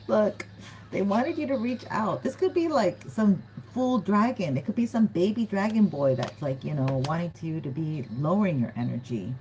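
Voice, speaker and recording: A woman's voice: medium pitch, lively intonation, moderate pace, warm tone, slight background noise, low-quality recording. A woman giving a casual, chatty tarot reading to her viewers, often giggling and acting out what other people might say. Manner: chatty, giggly, acts out quoted voices. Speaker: tarot reader.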